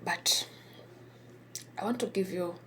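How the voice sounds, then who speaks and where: A woman whispering a personal story, halting and hesitant with many pauses and restarts. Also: lowish voice, sharp tone, slight background noise.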